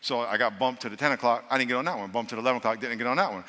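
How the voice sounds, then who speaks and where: A male pastor preaching a storytelling sermon to a live audience, animated and acting out dialogue in a raised voice. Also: medium pitch, rapid-fire. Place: large church hall with a live audience. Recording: live hall reverb, faint room noise.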